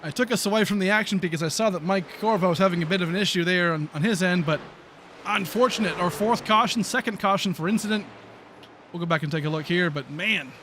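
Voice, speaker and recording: A man with a high, light voice calling a sim truck race play-by-play. He talks in a chatty, excitable way, full of fillers and quick reactions to the action. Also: noisy background. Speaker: sim racing play-by-play commentator. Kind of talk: live race commentary.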